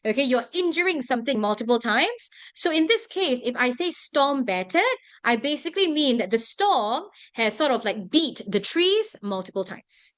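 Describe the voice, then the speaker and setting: A woman's voice: high-pitched, very animated, moderate pace, fairly bright tone, dry recording. A young woman teaching an English vocabulary lesson to a class, often checking whether students follow. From Singapore. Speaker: English tutor.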